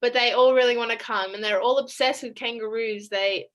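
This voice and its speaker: Bright-voiced young Australian woman. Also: fairly high pitch, steady tone, fairly quick, low-quality recording. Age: young adult. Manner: chatty, laughs often between sentences. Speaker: college basketball player. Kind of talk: casual interview over video call. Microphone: video call.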